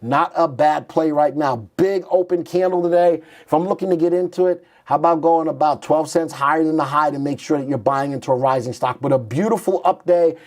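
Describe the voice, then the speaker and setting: A man's voice: a little high, fairly quick, few pauses, darkish tone. A man hosting a stock market show, chatty and thinking aloud as he types in tickers and reads charts live.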